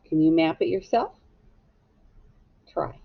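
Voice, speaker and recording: Woman, phonics teacher, very slow and deliberate, gravelly edge, dull lo-fi recording. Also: deep voice. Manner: patient, spells letters out one by one. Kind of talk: slow, clear phonics lesson for young children. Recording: dull lo-fi home video sound.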